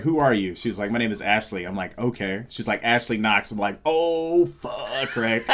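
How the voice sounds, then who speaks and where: Animated male comedian telling a story. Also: medium pitch. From Seattle, USA. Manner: animated, acts out quoted lines. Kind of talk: casual storytelling.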